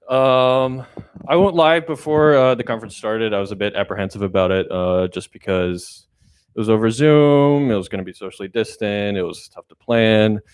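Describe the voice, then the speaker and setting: A man's voice: on the low side, smooth. A young man, a committee chair, giving a casual, grateful ceremony speech with many fillers. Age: young adult.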